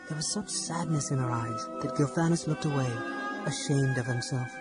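A man narrating an audiobook in a measured, expressive storytelling manner with a husky voice. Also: medium pitch, over loud music. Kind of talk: scripted narration.

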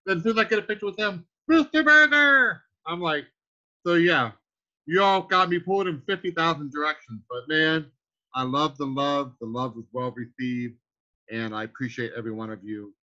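A man's voice: on the high side, normal speed, sharp tone. A man hosting a weekly team training call, effusive and calling people sir and brother. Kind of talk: motivational conference-call hosting. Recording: slightly muffled call audio.

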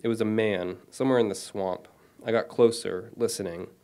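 Author in his thirties reading own story, lowish voice, self-deprecating, steady delivery. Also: moderate pace, background noise. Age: 30s.

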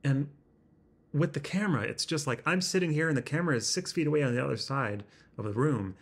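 A man talking to his laptop camera in a house, halting and self-deprecating, searching for his words, with a slightly constricted sound in his throat. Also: on the high side, breathy edge. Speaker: vlogger. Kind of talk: rambling self-conscious vlog. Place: indoors in a house. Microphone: laptop webcam.

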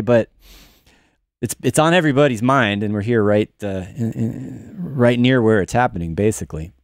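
A man with a medium-pitched voice and no room sound runs a casual livestream out of a New York studio. As a show host teaching music production, he demonstrates while thinking out loud and frequently restarting.

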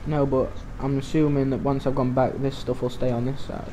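A man's voice: medium pitch, level tone, brisk, warm tone, slight background noise, poor audio. A young man co-hosting a let's play, laid-back and teasing as he plans ahead. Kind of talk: casual gaming chat.

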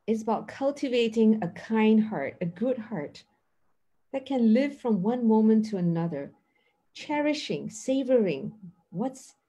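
With a fairly high, slightly rough voice, a middle-aged woman delivers a sincere talk on mindfulness. She brings the teaching to life by performing dialogues with animated emphasis.

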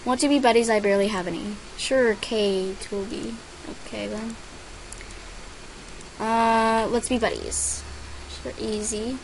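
A woman's voice: fairly high pitch, a little slow, pauses often, a little hiss or hum, poor audio. Chatty girl narrating her game play. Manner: reads out other players' chat and names as she plays; bursts into excited squeals over gifts. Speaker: gaming vlogger. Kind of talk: casual gameplay commentary.

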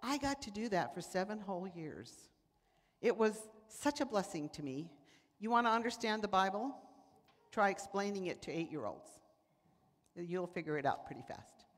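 A woman preacher with a medium-pitched voice speaks at normal speed, delivering a sermon in a church sanctuary. She tells stories animatedly and acts out the voices of people in quotes. Church hall reverb colors the recording.

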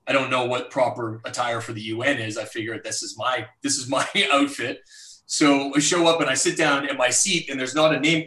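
A man telling a personal story as guest speaker in a live online talk, lively and acting out others. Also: mid-range voice, reverberant, far from the mic. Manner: animated storyteller, voices others in his anecdotes.

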